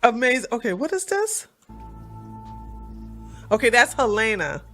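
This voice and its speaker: A woman hosting a reaction commentary, talking in a sassy, mocking, animated way. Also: on the high side, a little slow, soft background music. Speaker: commentary host.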